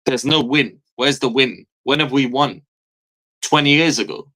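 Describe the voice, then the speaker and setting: A man's voice: medium pitch, a little slow, sharp tone. A man, delivering an exasperated, profanity-heavy fan rant as a football streamer, hammering his points home by repeating phrases. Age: 30s.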